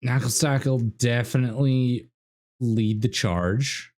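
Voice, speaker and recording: A young Canadian man with a Canadian accent chatting excitedly while streaming a game. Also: mid-range voice, slow. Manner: excitable, animated. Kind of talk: casual gameplay commentary.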